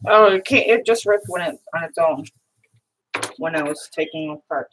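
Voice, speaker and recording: A woman's voice: low-pitched, normal speed, fairly bright tone, slight background noise, low-quality recording. An older grandmother chatting casually while she crafts, musing aloud with little hums as she works at a home table.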